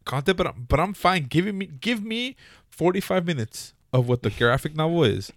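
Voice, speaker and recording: A man's voice: a little high, expressive, normal speed, dry recording, clean studio sound. A man co-hosting a casual chat about movies, blunt and full of swearing. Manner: profane, blunt, emphatic. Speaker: podcast co-host.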